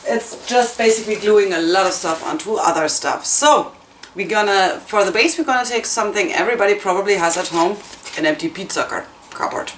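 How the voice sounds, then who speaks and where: A woman's voice: mid-range voice, brisk, a bit bright. Rambling self-mocking woman in a roomy space. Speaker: craft tutorial host. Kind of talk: casual crafting tutorial. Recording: roomy, distant, noisy home recording.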